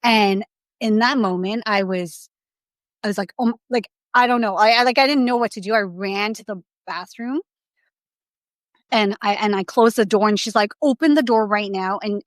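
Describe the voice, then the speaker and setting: A woman's voice: mid-range voice, no echo. A young adult woman as a podcast guest, telling her story candidly in a rambling, casual way with many restarts.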